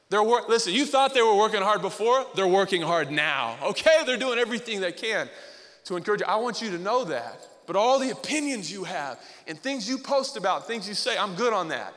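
A man preaching a sermon as pastor, loud and fiery, firing off rhetorical questions to his congregation. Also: high voice, in a large hall.

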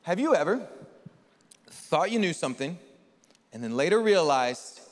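A man preaching to a live church congregation with bursts of energy and quick jokes, calling out questions to the crowd. His voice sits high for a man. The sound carries a long hall reverb. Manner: energetic, joking, talks with the crowd. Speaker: pastor. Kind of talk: sermon.

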